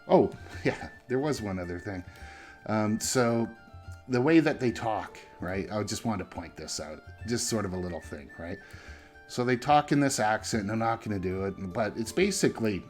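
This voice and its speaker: Low-voiced chatty movie reviewer man. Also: darkish tone. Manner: conversational, with frequent "right?" and "you know" tags. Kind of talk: casual film review.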